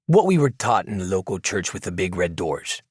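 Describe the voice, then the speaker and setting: A man narrating a novel in the first person, in a reflective, measured way. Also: deep voice, very animated, breathy edge, no echo, clean studio sound. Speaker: audiobook narrator. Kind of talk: scripted narration.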